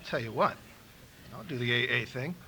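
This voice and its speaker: A middle-aged man from Los Angeles speaking at a recovery meeting, telling an animated story and acting out the quotes. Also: medium pitch, moderate pace, noisy background. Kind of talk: storytelling talk. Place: meeting room in a school.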